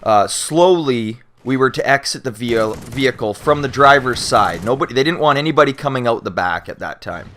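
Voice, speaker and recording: A man's voice: mid-range voice, normal speed, hardly any pauses, a little hiss or hum. Casual young Canadian man telling a story. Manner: animated, acts out shouting cops and panicked friends; swears freely, many fillers and restarts. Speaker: YouTuber answering viewer questions.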